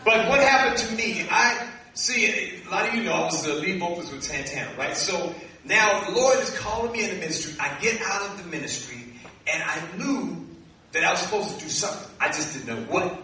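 High, sharp-voiced male preacher in echoey hall. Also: a little fast, recorded from a distance, slight background noise. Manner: lively storyteller who acts out dialogue and laughs. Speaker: minister. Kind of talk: sermon with personal storytelling.

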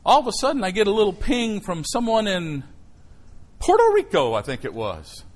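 A middle-aged male preacher tells a story from the pulpit with a fairly high voice. He swings from near-whispers to loud outbursts to stir his congregation. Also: fairly quick, poor audio. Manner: animated storytelling, swinging from hushed to shouting. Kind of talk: sermon with personal story.

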